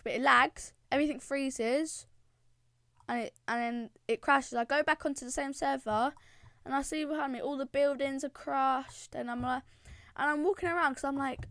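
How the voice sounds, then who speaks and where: A woman with a high voice tells a gaming story in an excitable, rambling way. The recording is dry and close. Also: a little slow, smooth, no room sound. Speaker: channel creator. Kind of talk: casual gaming storytime narration.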